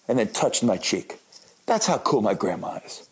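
Husky-voiced comedian in his late thirties. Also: fairly low pitch, sing-song, moderate pace. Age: late 30s. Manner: joking, self-deprecating. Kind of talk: comic storytelling monologue.

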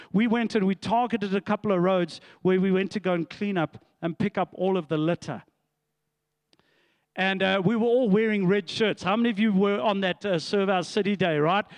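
A man's voice: sits high, no room sound. A middle-aged man, a pastor telling a story to his congregation in a sermon, with asides and laughs.

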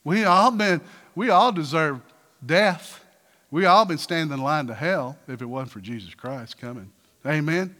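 A man preaching a sermon as pastor, asking the congregation questions and breaking into loud, emphatic bursts. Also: on the high side, measured pace. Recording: reverberant hall with faint music.

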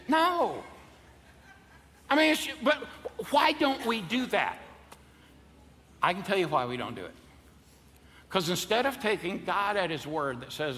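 This pastor in his fifties speaks at a normal speed with long pauses, his high voice lively, pushed, and bright, as he jokes and leads call-and-response with a live congregation. The large church hall adds reverb and faint ambience, plus a little hiss or hum.

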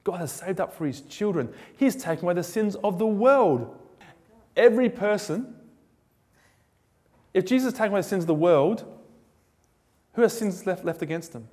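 A man with a high voice preaches a sermon, casual and quick to joke. He tells his stories with animation. His words echo with a long reverb, like a large hall. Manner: casual, joking, animated storytelling.

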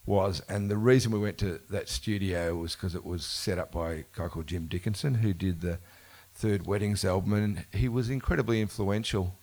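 At a bookshop event before a live audience, a musician being interviewed tells rambling stories in casual conversation. His voice is deep and darkish, at a moderate pace with few pauses, and he often corrects himself and laughs. The audio is a live event recording.

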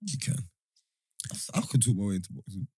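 A young man tells a story in a relaxed chat, packing his talk with slang fillers. His voice is a little husky. His pitch swings widely as he gets into it. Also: fairly quick. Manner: animated, laughing, full of London slang fillers.

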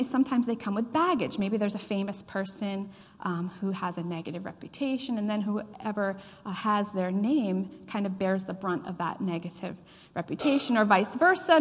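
A woman preaching a sermon in a conversational, animated way, with asides to the congregation. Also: medium pitch. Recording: long hall reverb.

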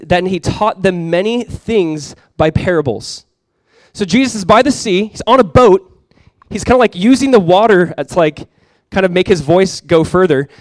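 A young adult man preaching a sermon as pastor, casual and chatty with many fillers, praying softly and slowly at times. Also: high voice, no room sound. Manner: soft, slow prayer.

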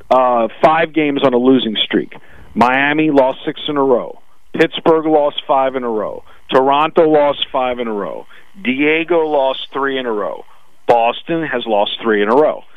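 A man with a Brooklyn accent analyzing sports betting odds on a radio talk show, talking fast with frequent restarts. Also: mid-range voice, no echo, narrow, tinny audio. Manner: rapid with frequent restarts, "listen".

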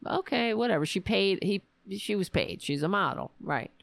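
A woman hosting a political podcast, talking in a sarcastic, mocking way and slipping into shrill impressions of her opponents. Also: animated, moderate pace, creaky, no room sound. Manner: mocking, switches into shrill mimicking voices.

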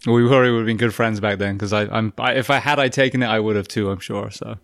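A man in relaxed conversation, agreeable and thinking his points out aloud. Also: on the low side, fast talker, creaky, dry recording, studio quality. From farm upbringing. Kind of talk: casual conversation.

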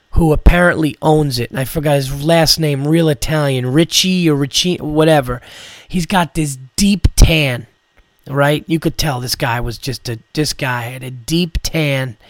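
A man's voice: fairly high pitch, measured pace, no echo, clean studio sound. A man, a comedian hosting a podcast, telling a rambling story full of swearing and "like" fillers. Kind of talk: casual storytelling.

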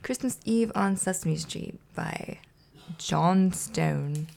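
A woman's voice: lowish voice, takes it slowly, gravelly, a little mellow. A woman hosting a casual podcast, chatting and reading a children's storybook aloud, laughing often. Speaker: podcast host.

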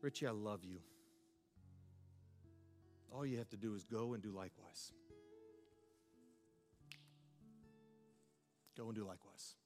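A man voicing a gentle, loving Jesus during a sermon, speaking low, hushed and unhurried. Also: soft background music, close to an everyday voice. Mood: tender. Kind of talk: sermon storytelling.

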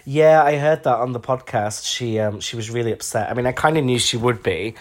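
A man's voice: mid-range voice, fairly quick. Chatty, opinionated man on a podcast. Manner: chatty, opinionated, many fillers. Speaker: podcast co-host. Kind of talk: casual chat.

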